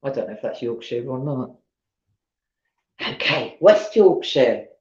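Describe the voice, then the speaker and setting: Reading ghost stories on a live stream from her home sofa, a woman with a Southern English accent pauses to chat with viewers. Her rumbling low voice has a darkish tone and is very animated, a little slow in pace. The recording sounds roomy, dull and lo-fi.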